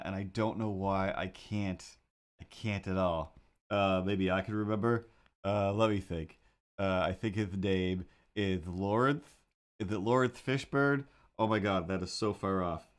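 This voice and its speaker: A man animating on a live stream, chatting casually to viewers in a rambling, easily sidetracked way with excitable asides. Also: fairly low pitch. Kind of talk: casual livestream chat while animating.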